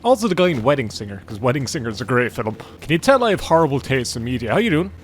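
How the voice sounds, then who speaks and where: A man's voice: mid-range voice, very animated, very fast, slight background noise. A young man giving casual, jokey gameplay commentary and swearing freely. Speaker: gaming YouTuber. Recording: faint game music behind.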